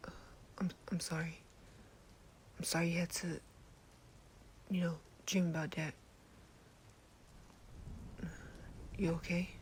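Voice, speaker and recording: A woman voicing a protective, sleepy teenage boy in a gentle, laid-back whispered role-play. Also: lowish voice, a little hiss or hum, lightly acted. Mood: soothing. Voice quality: soft whisper. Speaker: ASMR creator.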